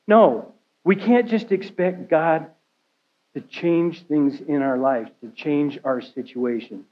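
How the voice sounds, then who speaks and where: A man preaches in a high, light voice, talking to his church more than lecturing it. He keeps checking in with "right?" and "okay?" as he goes. The recording is dull and a little lo-fi, as if captured in a church sanctuary. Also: unhurried. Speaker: care pastor. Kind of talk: sermon.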